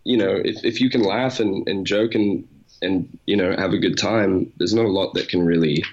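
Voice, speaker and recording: A man's voice: low voice, steady tone, moderate pace, lo-fi sound. A man with a mixed English and American accent that people take for Australian, chatting as a podcast guest in a rambling, self-mocking way. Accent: mixed English-American, often taken for Australian. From England and America. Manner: rambling, self-mocking, laughs while talking. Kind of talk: casual podcast chat.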